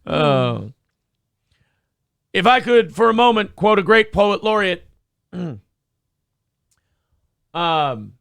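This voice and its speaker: A man with a high, gravelly voice and a sharp, bright edge hosts a comedy morning show. He riffs crudely and sarcastically, then slips into mock-solemn speechmaking. The sound is close and dry. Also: very animated, drawn-out words, pauses often, no room sound.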